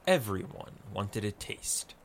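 A man narrating a story in a slow, expressive reading. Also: fairly low pitch, slight background noise.

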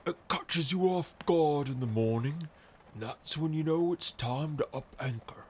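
Man doing a husky, lazy old sailor. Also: a little high, measured pace, darkish tone, slight background noise, pitched above the performer's own voice, natural voice. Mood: musing. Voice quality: husky, eerie. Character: lazy, scrawny bearded male sailor.

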